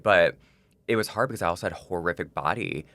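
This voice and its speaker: A man's voice: sits low, quick pace, a bit bright, no room sound. A man on a podcast, telling a personal story in casual chat, rambling with lots of likes and restarts. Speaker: podcast co-host.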